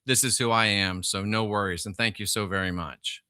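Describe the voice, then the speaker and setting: Male solo-stream host, sharp, bright voice, preachy and sardonic, swings to loud bursts. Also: lowish voice, fairly even intonation, moderate pace, smooth, dry recording, studio quality. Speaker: livestream host reading chat. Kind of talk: solo livestream rant.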